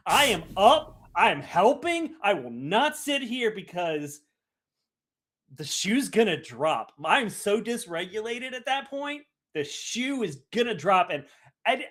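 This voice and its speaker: Animated man in dramatic podcast chat. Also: high voice. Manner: animated, dramatic, self-mocking. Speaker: podcast co-host.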